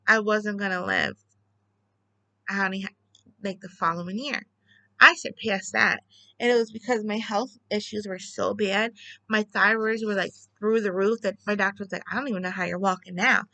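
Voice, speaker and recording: A woman's voice: medium pitch, sharp tone, no echo. A woman chatting casually to the camera at home, rambling with lots of fillers and restarts. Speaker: crafter vlogging.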